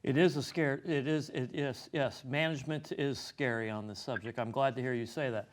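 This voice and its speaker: A man's voice: medium pitch, fairly even intonation, normal speed. An older man hosting a talk show, asking long, hesitant questions full of fillers. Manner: rambling, hesitant, many fillers. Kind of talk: interview questions.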